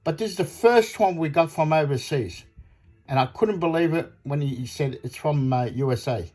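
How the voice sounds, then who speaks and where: Husky middle-aged guy from australia, fed up rant, keeps repeating himself. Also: fairly high pitch, normal speed, a little mellow. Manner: indignant, repetitive, retells phone calls with quoted voices. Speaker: audio kit seller. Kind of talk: ranting monologue.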